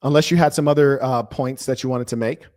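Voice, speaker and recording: A man's voice: medium pitch, fairly even intonation, a little fast, a little mellow, no room sound, clean studio sound. A man hosting a heated live-stream debate, insistent and lecturing, repeating his demands. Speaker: debate host.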